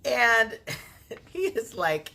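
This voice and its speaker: Chatty woman recapper, bright tense voice, gossipy and animated, vlog. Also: fairly high pitch, drawn-out words, gravelly. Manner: acts out quotes in exaggerated voices. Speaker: reality TV recapper. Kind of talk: casual review vlog.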